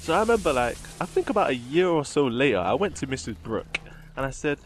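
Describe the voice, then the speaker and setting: A man's voice: medium pitch, very animated, fast, a little hiss or hum. A young man chatting casually and giggling while commenting over gameplay. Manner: chatty, giggly, rambling with fillers. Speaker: gaming commentator.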